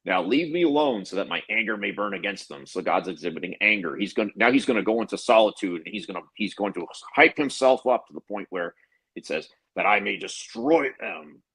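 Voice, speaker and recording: A low, husky-voiced man talks as a podcast co-host. He reads verses aloud and then answers them with sarcastic, animated asides in a loose, conversational way. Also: fairly quick, low-quality recording. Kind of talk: casual critical discussion.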